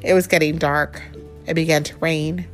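A woman reading a picture book aloud to a child in a playful, expressive storytelling voice. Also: low-pitched, normal speed, faint music behind. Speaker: reader.

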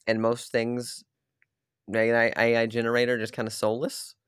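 A young man talks loosely through a solo podcast episode, circling his point with fillers and restarts. His voice sits at an ordinary middle pitch. The sound is dry and close, with no room in it. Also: monotone, normal speed, fairly bright tone, clean tone, no echo. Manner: rambling, full of "like" and restarts. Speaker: podcast host. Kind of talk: casual solo podcast chat.

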